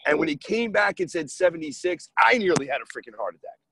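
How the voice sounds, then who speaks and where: A New York real estate investor, appearing as a podcast guest, animatedly tells a deal story and acts out the dialogue. His voice sits high and moves quickly, creaky and husky, with no echo and poor audio quality.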